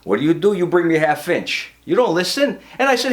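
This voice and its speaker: A man's voice: sits high, big pitch swings, brisk. A brash, profane man, performing a comic monologue as a construction boss scolding his crew. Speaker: comedian playing a construction boss.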